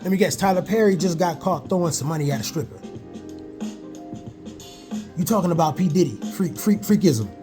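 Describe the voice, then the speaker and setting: Excitable man preaching over faint music. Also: on the high side, fairly quick, pauses often. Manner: excitable, preachy, keeps saying "man" and "listen". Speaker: online preacher reacting to news videos. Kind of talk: live video reaction with scripture reading.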